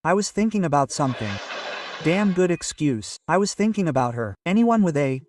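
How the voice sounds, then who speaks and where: Man, stand-up comedian, animated crowd banter, slightly high voice, picked up from afar. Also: moderate pace, far from the mic, a little hiss or hum. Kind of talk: stand-up routine with crowd work. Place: comedy stage before a live audience.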